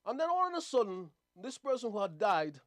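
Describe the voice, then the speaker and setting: A man with a high-pitched voice hosts a casual talk monologue. He rambles, circles back and repeats words as he goes. The sound is dry and close, with no room echo. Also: big pitch swings, fairly quick, a bit bright. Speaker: host.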